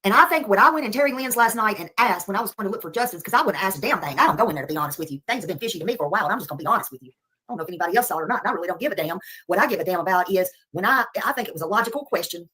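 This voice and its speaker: A woman's voice: mid-range voice, animated, racing, sharp tone, husky. A woman with a drawl talks heatedly into her livestream mic, circling back to the same complaints. She says the same phrases again and again, stopping to thank viewers before she picks the rant back up. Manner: heated, repetitive, thanking viewers between outbursts.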